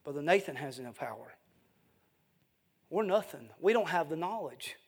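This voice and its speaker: A man's voice: fairly high pitch, expressive, normal speed, breathy edge. A man preaching an evening revival sermon as an evangelist in a church, fervent and emphatic, with folksy asides.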